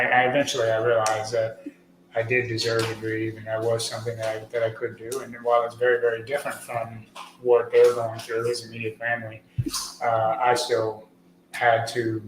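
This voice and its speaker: A man's voice: mid-range voice, monotone, moderate pace, reverberant, a little hiss or hum, poor audio. A middle-aged man, a podcast guest, talking earnestly in a rambling casual way with many fillers and restarts. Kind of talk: casual conversational interview.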